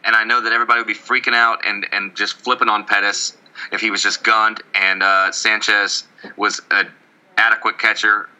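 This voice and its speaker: A man co-hosting a casual baseball podcast, talking in a rambling, joking way full of stammered restarts. His voice is very bright and cutting, with the sound of a radio broadcast. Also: on the low side, flat delivery, a little fast, poor audio. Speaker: podcast co-host. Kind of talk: casual sports chat.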